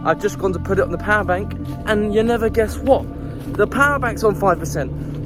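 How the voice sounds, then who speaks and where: A man's voice: high voice, expressive, brisk. A young man vlogging on a handheld phone while walking outdoors at night, chatting in a jokey, self-mocking, nervous way. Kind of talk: walking vlog talking to camera. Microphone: handheld phone camera. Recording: background music over outdoor phone audio.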